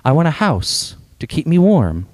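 A man's voice: fairly high pitch, very animated, moderate pace, a little mellow, no echo, pitched above the performer's own voice. A man reading a wistful, wanting boy. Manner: wistful, complaining. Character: restless, wanting boy growing into a weary old man. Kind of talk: storybook reading.

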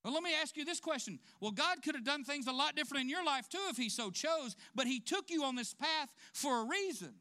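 A man preaches to his congregation in a high-pitched voice. His tone is bright and ringing, and he leans into his points with direct questions. Short laughs break up his sermon here and there. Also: expressive, a little fast, hardly any pauses. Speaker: pastor.

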